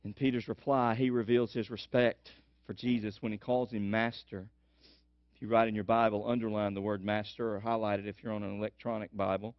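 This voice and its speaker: A man's voice: medium pitch, no room sound. A man preaching a sermon as pastor, telling stories animatedly and repeating for emphasis. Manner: animated storytelling, emphatic repetition. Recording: dull lo-fi sermon recording.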